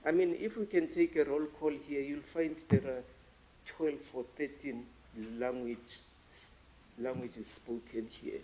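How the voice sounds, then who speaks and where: A male professor on a panel making frank remarks in a lecture hall, trailing off quietly. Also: medium pitch, fairly even intonation, unhurried.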